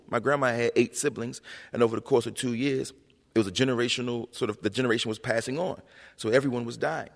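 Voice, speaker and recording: A man in his thirties, a guest author, telling stories in an animated, slangy, conversational way on a high school auditorium stage. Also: fast, creaky. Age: 30s. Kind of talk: onstage storytelling conversation. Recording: long reverb in a school auditorium.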